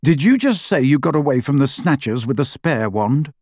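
A man's voice: sing-song, normal speed, darkish tone, no room sound, clean studio sound. Man voicing Harry, a subdued teenage boy. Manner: subdued, low-key speech.

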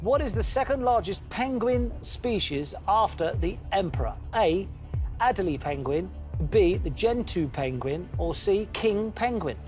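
Quiz host guy, quick and upbeat, music going underneath. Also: high-pitched, lively intonation, a little mellow. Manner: brisk, upbeat, teasing. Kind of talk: game show hosting.

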